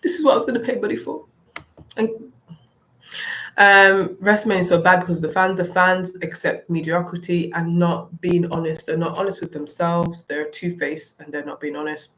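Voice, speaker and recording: A woman's voice: fairly low pitch, steady tone, moderate pace, fairly bright tone. A young woman ranting bluntly and with animation, delivering solo wrestling commentary. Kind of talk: opinionated solo rant.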